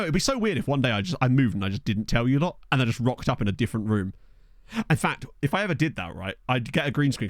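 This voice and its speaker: A man's voice: mid-range voice, no echo, studio quality. A man streaming a football management game from a small bedroom, rambling through stories for his live chat with frequent laughs. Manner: animated, rambling storyteller who laughs often. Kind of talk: casual chat with live viewers. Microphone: desk USB microphone.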